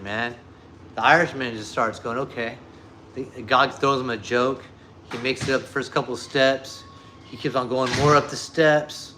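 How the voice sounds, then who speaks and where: A man's voice: mid-range voice, pushed and bright, a little hiss or hum. A man chatting casually with his viewers and telling a joke, rambling and swearing, with lots of fillers. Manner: profane, rambling, full of fillers. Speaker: streamer talking to viewers.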